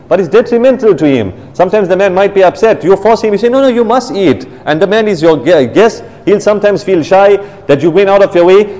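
A man preaching a sermon, emphatic and slowing down to stress key phrases. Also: high voice, warm tone. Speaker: preacher, maulana. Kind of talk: sermon with storytelling. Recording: long hall reverb.

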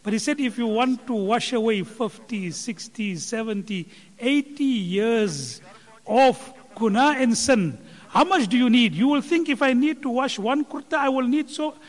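Male preacher, very high register, impassioned, reverberant hall. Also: expressive, a little slow. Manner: impassioned, rising in pitch and volume when quoting. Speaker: religious speaker explaining a scholar's teaching. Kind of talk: sermon.

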